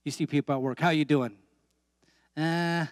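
A man's voice: on the high side, fairly even intonation, quick pace, dry recording, clean studio sound. A man preaching a sermon as pastor in a church, emphatic, with repeated calls and amens.

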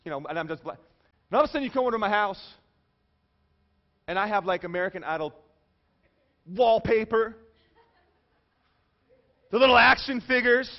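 High-voiced man preaching casually. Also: animated, brisk, long pauses, highs cut off. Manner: conversational, jokey, with frequent checks on the audience. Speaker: pastor. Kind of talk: sermon.

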